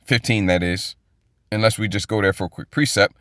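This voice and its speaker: A man's voice: lowish voice, fairly quick, fairly bright tone, dry recording, studio quality. A man teaching the Bible in an informal, rambling way, repeating words and checking in with "okay?" often. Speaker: preacher.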